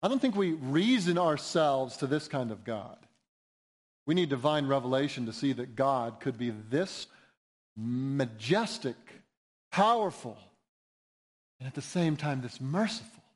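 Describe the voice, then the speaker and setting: A man's voice: mid-range voice, expressive, measured pace. A man preaching a sermon in an earnest, emphatic way, building to rising appeals. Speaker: pastor.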